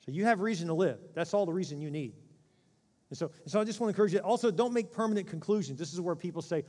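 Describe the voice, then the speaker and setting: A man's voice: fairly high pitch, expressive, quick pace, darkish tone. Middle-aged guy preaching, chatty, slips into voices for the quotes, big echoey church hall. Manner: conversational, acts out quoted voices. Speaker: pastor. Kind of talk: sermon. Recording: long hall reverb.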